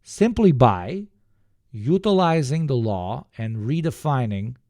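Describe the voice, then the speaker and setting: A man's voice: mid-range voice, expressive, slow, a little mellow, no echo, clean studio sound. A man from Turkey with a Turkish accent, ranting casually on a livestream in a profane, emphatic way, with many fillers and restarts.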